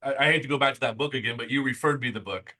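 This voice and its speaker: A middle-aged man hosting an interview, talking in excited bursts in a motivational chat. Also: mid-range voice, rough recording. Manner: excitable, talks fast in bursts. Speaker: interview host.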